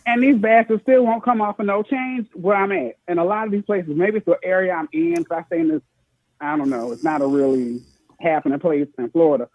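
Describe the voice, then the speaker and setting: A man's voice: high-pitched, fairly quick, darkish tone, no echo. A man calling into a talk show, venting at length with a frustrated, ranting tone. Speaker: caller. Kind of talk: call-in commentary. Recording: tinny phone line, dry.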